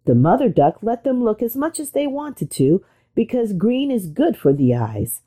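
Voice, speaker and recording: A woman reading a fairy tale aloud as the narrator, gentle and expressive. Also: fairly high pitch, normal speed. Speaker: storyteller. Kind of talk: storybook reading.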